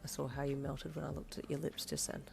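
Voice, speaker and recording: A woman voicing a brooding, teasing young man in a fan-fiction audio story, speaking in a low, flat murmur. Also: normal speed, vocal fry, soft background music.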